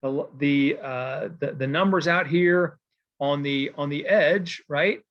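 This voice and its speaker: Chatty man lecturing, fairly high voice. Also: takes it slowly, lo-fi sound. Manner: casual and digressive, with many fillers and "okay?" check-ins. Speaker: poetry teacher. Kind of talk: recorded lecture with slides.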